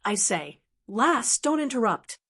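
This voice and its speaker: A woman's voice: fairly high pitch, very animated, slow pace, fairly bright tone, breathy edge, full character voice. A woman voicing a lazy, brash young nobleman who scoffs and talks bluntly. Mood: scoffing.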